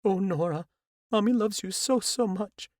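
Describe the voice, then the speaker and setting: A male narrator puts on a distraught mother at her child's bedside, her voice raised high and pleading. The audiobook character voice is recorded close and dry. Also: a little slow, darkish tone, no room sound. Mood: pleading, tearful. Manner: pleading, emotional. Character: grieving, pleading mother at a hospital bed.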